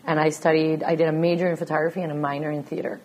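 Woman from venezuela, guest on a chat show, deep voice, lively storyteller. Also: very fast, a little hiss or hum. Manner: animated storyteller, laughs easily. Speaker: guest artist. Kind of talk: casual interview chat.

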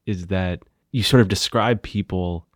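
A man's voice: low-pitched, a little slow, no room sound, clean studio sound. A man hosting an interview, asking questions casually with lots of "like" fillers. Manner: casual, uses many "like" fillers. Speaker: interviewer, host. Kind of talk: conversational interview.

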